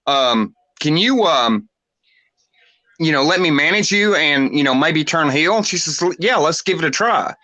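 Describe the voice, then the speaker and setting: Bright-voiced Tennessee man in his forties. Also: fairly high pitch. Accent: Tennessee Southern US. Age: 40s. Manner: unhurried rambling with many filler sounds. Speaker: wrestling guest. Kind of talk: casual interview storytelling.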